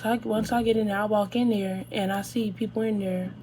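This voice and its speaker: A young woman vlogger telling a casual storytime, rambling and animated, full of slang. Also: medium pitch, brisk, slight background noise. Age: young adult.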